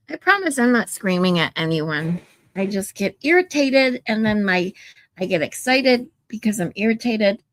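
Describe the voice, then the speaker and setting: A woman hosting a casual livestream, chatting and swearing freely, her voice getting louder when she is irritated. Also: fairly low pitch. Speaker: livestream host.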